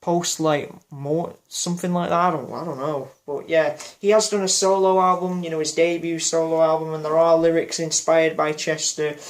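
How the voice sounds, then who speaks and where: A man's voice: fairly high pitch, little pitch movement, normal speed, few pauses. A man giving an unscripted personal reflection for his vlog, rambling and hesitant with many fillers and restarts. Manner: apologetic about memory slips. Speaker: music vlogger.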